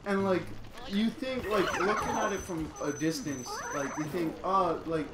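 A man's voice: high-pitched, lively intonation, moderate pace, heavy background noise. A young man telling a profane, laugh-filled story while playing a video game. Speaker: gaming channel co-host. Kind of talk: casual storytelling over gameplay. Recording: echoey room with game music. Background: video game music.

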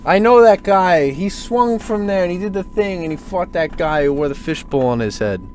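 A man's voice: sits high, moderate pace, a little hiss or hum, voice pushed up. Guy doing a boston accent, hyped rambling superhero fan. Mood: excited. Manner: excited and rambling. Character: loud Boston guy gushing about a superhero.

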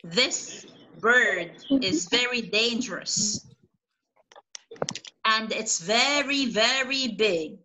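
A young woman with a fairly high voice teaches young children a spelling lesson online, saying each word slowly and patiently more than once. There's a lot of noise in the background.

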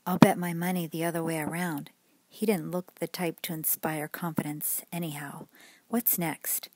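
A woman voicing an eager seventeen-year-old boy detective in a bedtime story, quick to exclaim. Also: sits low, fairly even intonation, a little mellow.

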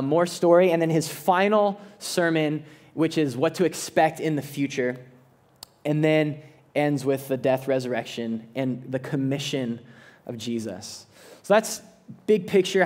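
Earnest, fairly high-voiced male preacher. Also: darkish tone. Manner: earnest, conversational preaching with frequent restarts. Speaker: pastor. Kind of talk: sermon.

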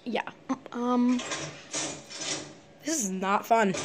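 A woman's voice: a little high, lively intonation, normal speed, background noise. A scared, jumpy woman rambling and swearing nonstop as she films in her bedroom at night on a handheld phone. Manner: jittery, swears constantly, rambles nervously. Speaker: vlogger. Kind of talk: casual rambling phone vlog.

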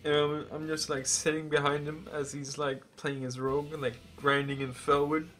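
On a live stream, a man in his twenties tells a rambling, profanity-laced story with huge excitement, so emotional he's nearly crying. His voice is slightly high and his pace is normal.

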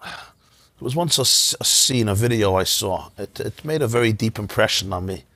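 Man, rabbi, husky voice, dry close sound, chatty storytelling, informal class. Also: fairly low pitch, normal speed, dry recording. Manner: conversational, storytelling, animated asides. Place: synagogue.

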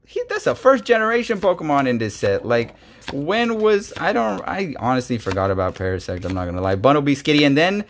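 A young man chats through a card-opening video in a laid-back, slangy way. His voice sits in an ordinary middle register. He gets excited easily. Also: mid-range voice, brisk, a little hiss or hum. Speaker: card-opening channel host. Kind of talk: casual card-opening chat.

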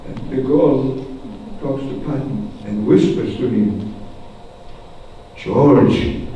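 An older man telling jokes on a community hall stage, with slow, animated storytelling and put-on voices. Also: mid-range voice, highs cut off, slight background noise. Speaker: joke teller. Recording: roomy hall from far off.

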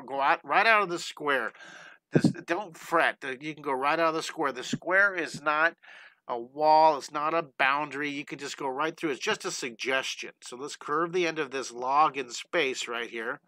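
Upbeat, bright-voiced male drawing teacher. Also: a little high, no room sound, low-quality recording. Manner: upbeat, encouraging, playful; breaks into playful chants and sound effects. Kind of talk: live online drawing lesson.

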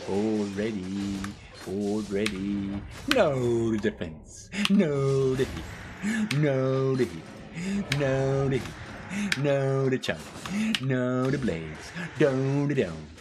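A man's voice: medium pitch, lively intonation, extremely slow, noisy background. A man commenting on his own gameplay, trash-talking the game's enemies and breaking into sing-song scatting. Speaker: gaming channel host. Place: at a computer, playing a game. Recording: loud keyboard clicking behind voice.

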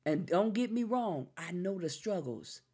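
A woman's voice: lowish voice, expressive, a little slow, mellow, breathy edge. A woman co-hosting a faith talk show, preaching fervently and acting out God and the devil in her quotes. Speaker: ministry show co-host.

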